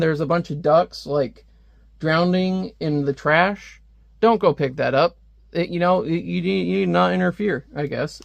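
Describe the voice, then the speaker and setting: A man's voice: fairly high pitch, vocal fry, dry recording. A man casually reviewing a comic book, rambling and sarcastic as he reads panels aloud.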